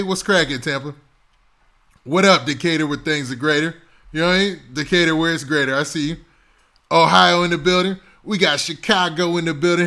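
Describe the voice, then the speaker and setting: A man hosting a hip-hop news livestream, casually chatting and hyping up viewers with rapid city shout-outs and slang. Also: fairly high pitch.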